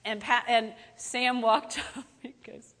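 A middle-aged woman pastor giving a chatty, animated sermon that swings up to loud exclamations. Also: fairly high pitch, takes it slowly, long reverb tail.

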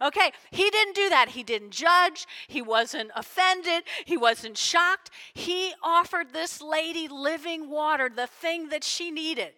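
A woman pastor preaching a lively sermon to her congregation, playfully acting out the people she quotes. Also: high-pitched, takes it slowly, few pauses. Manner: animated, playful, acts out quotes with big shifts. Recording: long hall reverb.

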